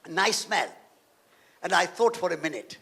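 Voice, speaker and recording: A man's voice: sits high, expressive, moderate pace, vocal fry, bright, forceful tone. A man from India, giving a storytelling lecture as a guest speaker and stacking up emphatic repeated phrases. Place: lecture hall.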